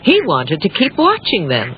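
A woman narrating a children's cartoon in a gentle, clear storytelling manner. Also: on the low side, huge pitch swings, normal speed, background noise. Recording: tinny lo-fi audio with loud music.

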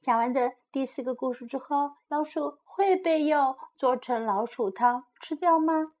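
A woman reading a children's story aloud for English learners, slowly and clearly, translating each line as she goes. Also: high-pitched, a little mellow. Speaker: story reader and English teacher.

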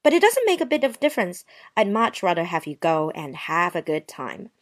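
A woman's voice: fairly low pitch, sing-song, fairly quick. A woman voicing a touchy, prim young woman who answers with sarcastic, wounded politeness in a dramatized story. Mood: offended. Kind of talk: dramatized short story reading.

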